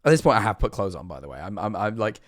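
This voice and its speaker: A man telling a self-mocking story to his stream, animated and swearing freely. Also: lowish voice, fast talker, no room sound, studio quality. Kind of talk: casual storytelling to a live stream chat.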